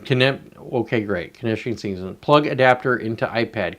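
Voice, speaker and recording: A man's voice: fairly low pitch, moderate pace, few pauses. A man hosting his own show, ranting casually in a profane, sarcastic and annoyed way, with muttered asides. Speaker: host.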